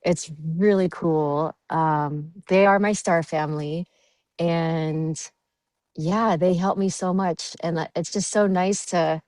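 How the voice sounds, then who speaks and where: A woman's voice: fairly low pitch, steady tone, takes it slowly, a little mellow, no room sound. A woman guest chatting on a podcast, giggly and dreamy, with many fillers. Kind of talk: casual podcast chat.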